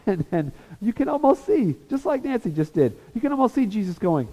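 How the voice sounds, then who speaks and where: Animated man preaching in an echoey hall. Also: sits high, unhurried. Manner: animated, acts out voices of the disciples and Jesus. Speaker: Bible teacher. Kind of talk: sermon. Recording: reverberant hall.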